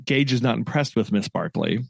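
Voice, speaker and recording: A man's voice: mid-range voice, lively intonation, moderate pace, gravelly, no room sound. A man co-hosting a podcast, chatting about a novel, reading passages aloud and laughing often. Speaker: podcast co-host. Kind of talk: casual book discussion.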